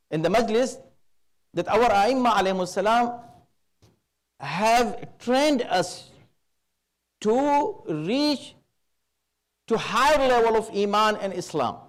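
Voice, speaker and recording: A man gives a religious lecture in a high voice. He speaks in a measured, emphatic way and weaves Arabic terms into his teaching. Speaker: preacher at a religious gathering. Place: Islamic center hall.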